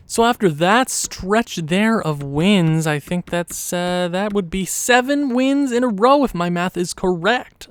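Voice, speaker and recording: A man thinking aloud in casual gameplay commentary, rambling and hesitant, often restarting, then breaking into sudden excited outbursts. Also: high voice, unhurried, clear, resonant tone, no room sound, studio quality. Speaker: gaming channel host.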